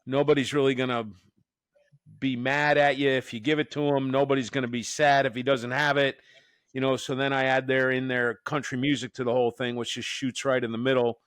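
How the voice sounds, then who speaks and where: A man's voice: mid-range voice, level tone, brisk, fairly bright tone, clean tone, dry recording. A man from the Northeastern US hosting a podcast as a professor, joking and rambling with many restarts. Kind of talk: casual podcast chat.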